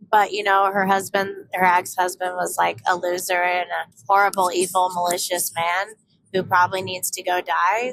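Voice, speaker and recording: A woman telling a story on her vlog in a blunt, profane, animated rant. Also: mid-range voice, slight background noise, rough recording. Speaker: vlogger.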